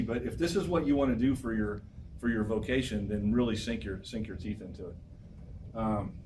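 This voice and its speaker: A man lecturing a college class as a professor, energetic and exhorting, repeating his phrases for emphasis. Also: on the low side, recorded from a distance, a little hiss or hum, rough recording.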